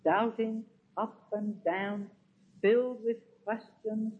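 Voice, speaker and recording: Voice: medium pitch, steady tone, slow pace, slight background noise. A preacher giving an emphatic sermon, full of rhetorical questions. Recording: tinny, phone-like sound.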